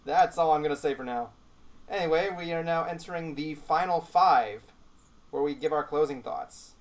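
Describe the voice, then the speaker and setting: A male host chats in a relaxed, rambling way, leaning on filler words as he talks. His voice sits slightly high for a man. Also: normal speed. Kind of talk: casual chat.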